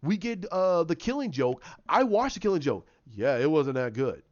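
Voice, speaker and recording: A man's voice: on the high side, big pitch swings, moderate pace, muffled recording. A man giving an impassioned, opinionated solo commentary, often repeating himself and restarting phrases as he argues his point. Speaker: YouTube commentator.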